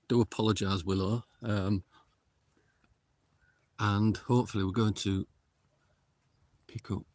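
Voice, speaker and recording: A middle-aged man, livestreaming a paranormal investigation outdoors in a windy cemetery and calling out slowly to spirits in a hushed voice. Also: fairly low pitch, steady tone, no echo. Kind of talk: casual live commentary.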